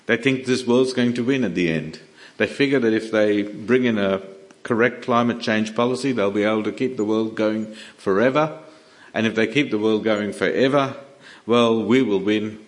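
A man's voice: on the low side, moderate pace. A man preaching a sermon in an earnest, emphatic way, often restarting his words.

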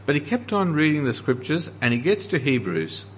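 An earnest man preaching a sermon as pastor, slowing down to stress the scripture he quotes. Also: a little high, sing-song, a little hiss or hum.

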